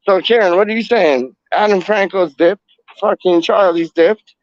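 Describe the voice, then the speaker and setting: A man's voice: high-pitched, normal speed, no room sound, muffled recording. A man with an East London accent hosting casual video chats with strangers, slangy and repetitive, hyping people up. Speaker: host chatting with strangers on video call.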